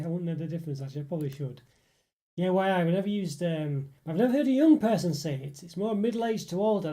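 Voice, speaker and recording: A man's voice: on the high side, warm tone. A man hosting a live stream, reading viewer comments aloud and musing on them in a casual chat full of fillers. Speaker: livestream host reading chat.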